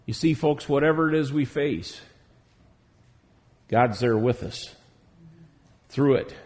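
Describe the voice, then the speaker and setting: A man preaching a sermon to a congregation in a church, emphatic, drawing out key words slowly. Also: medium pitch, darkish tone. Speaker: pastor.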